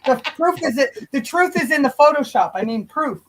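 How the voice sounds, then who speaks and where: A woman's voice: high voice, animated, moderate pace, a little hiss or hum, rough recording. A woman co-hosting a casual live chat, joking and teasing in playful banter. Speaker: livestream co-host.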